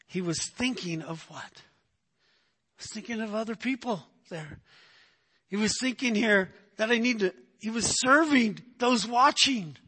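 Male pastor, bright, tenor-ish preaching voice, emphatic and conversational. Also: high voice, a little slow, slightly rough. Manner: emphatic, repeats "right?" to the congregation. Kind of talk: sermon.

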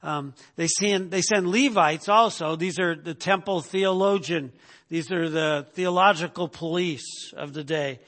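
A man's voice: on the high side, unhurried, a bit bright, long reverb tail. A man teaching a sermon in a conversational way, often stopping to ask "right?" and repeating words as he goes. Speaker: preacher.

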